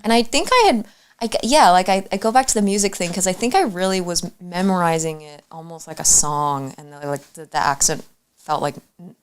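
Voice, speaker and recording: A woman's voice: fairly low pitch, slight background noise. A young woman from Arizona, a guest on a talk show, chatting casually with lots of fillers and restarts. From Arizona, USA. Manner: halting, many fillers and restarts. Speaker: guest actor. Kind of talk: casual interview chat.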